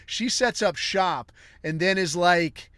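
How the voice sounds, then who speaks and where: A man hosting a podcast, telling a long comic story in a rambling, crude way with deadpan asides. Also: high voice, slow pace, clean tone, no room sound, clean studio sound. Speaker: podcast host.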